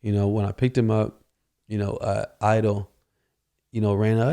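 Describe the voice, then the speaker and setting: Mellow, low-voiced man telling a rambling story. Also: little pitch movement, moderate pace, vocal fry. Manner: rambling, full of "you know" fillers. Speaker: podcast host. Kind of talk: casual storytelling monologue.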